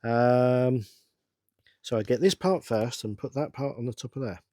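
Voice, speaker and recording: A man's voice: medium pitch, a little slow, dry recording. Chatty middle-aged man, dry sound. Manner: rambling, talks to himself while working, bursts of excitement. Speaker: channel host. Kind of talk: casual build-along chat.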